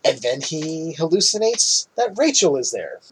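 A man casually recapping a movie on a podcast, animated, laughing often and swearing freely. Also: a little high, moderate pace, a little hiss or hum. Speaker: podcast co-host.

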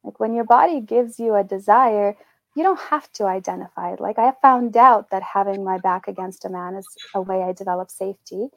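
A woman's voice: medium pitch, brisk, no room sound, muffled recording. A woman co-hosting a podcast, talking in a candid, reflective way and laughing lightly between thoughts. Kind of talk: casual podcast conversation.

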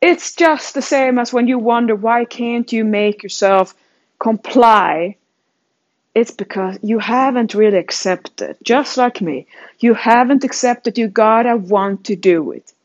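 Lady coach rambling to herself, kinda high voice, laughs at herself a lot, muffled lo-fi audio. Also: expressive, a little slow, darkish tone. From Sweden. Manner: rambling and self-mocking, many restarts and laughs. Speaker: fitness coach. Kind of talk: casual self-reflective monologue. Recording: dull lo-fi sound.

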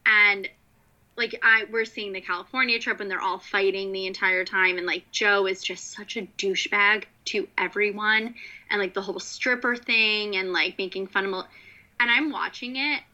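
Chatty woman with a bright lo-fi sound. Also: mid-range voice, fairly even intonation, normal speed. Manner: chatty, swearing, fillers of like. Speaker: podcast co-host. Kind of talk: casual chat.

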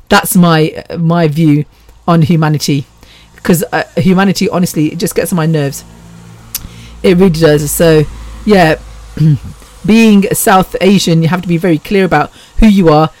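A woman's voice: low-pitched, steady tone, moderate pace, darkish tone. A middle-aged woman from England with a British accent, hosting a casual solo podcast. She talks in a rambling way, laughs often and swears freely. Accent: British English. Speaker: podcast host.

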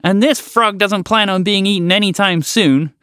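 A man voicing an angry, indignant male frog who shouts his complaints. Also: high voice, moderate pace, clear, resonant tone, no echo, studio quality, pitched above the performer's own voice. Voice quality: shouting, exasperated.

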